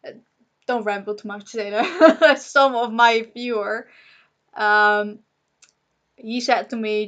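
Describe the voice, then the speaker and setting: A young woman vlogger rambling to the camera in an emotional personal monologue, halting, with nervous laughter, upset. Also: fairly high pitch, steady tone, a bit bright, highs cut off.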